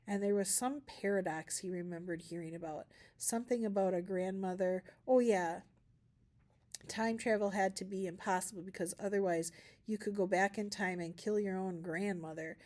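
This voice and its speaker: A woman reading a novel aloud for a school class, narrating calmly with small shifts of voice for the characters. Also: mid-range voice, brisk. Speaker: reader.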